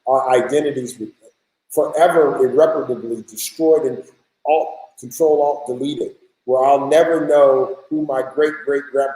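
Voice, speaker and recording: A man's voice: mid-range voice, steady tone, normal speed, warm tone, reverberant, rough recording. A man speaking as a panelist on a video call, joking at first and then emphatic and passionate.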